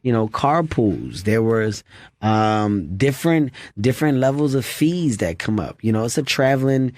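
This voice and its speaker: A man's voice: medium pitch, expressive, measured pace, darkish tone, dry recording. A comedian guest, a man, telling candid stories in a studio interview, earnest and repeating phrases as he goes. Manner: earnest, repeats phrases, acts out others' voices.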